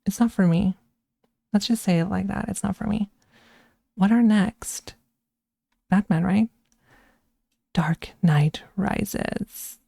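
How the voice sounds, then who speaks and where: Slow gravelly-voiced woman streamer. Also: mid-range voice, steady tone, warm tone, no echo, studio quality. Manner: unhurried and opinionated, with frequent restarts. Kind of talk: casual chat, ranking films.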